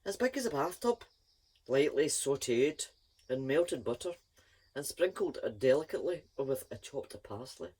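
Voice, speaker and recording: Expressive woman reading a kids' book. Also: deep voice, slightly rough. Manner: lively, expressive first-person storytelling. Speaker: storyteller. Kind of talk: reading a children's book aloud.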